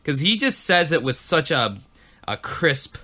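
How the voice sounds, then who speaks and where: Bright-voiced man cursing through casual chat. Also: a little high, a little slow. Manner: swears freely, animated. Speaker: podcast co-host.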